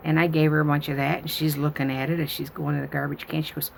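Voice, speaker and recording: Low, gravelly woman telling stories. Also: little pitch movement, fast, hardly any pauses. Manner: rambling, chatty, full of fillers. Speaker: grandmother and channel host. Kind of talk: casual storytelling to viewers.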